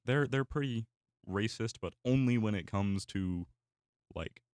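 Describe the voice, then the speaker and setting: A man's voice: fairly low pitch, measured pace, a little mellow, clear, resonant tone, no echo, clean studio sound. A young man chatting casually while he draws, rambling with many fillers and restarts. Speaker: artist and YouTuber. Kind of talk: casual chat while drawing.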